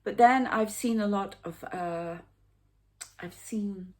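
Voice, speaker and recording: A woman in her fifties, a psychic medium talking through a rambling, halting spiritual vlog monologue with hushed asides. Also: mid-range voice. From United Kingdom. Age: 50s.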